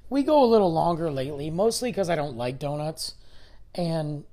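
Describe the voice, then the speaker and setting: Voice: medium pitch, animated, moderate pace, dark tone. A middle-aged podcast host ranting in a solo episode, exasperated and firing off mocking rhetorical questions. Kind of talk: solo opinion rant.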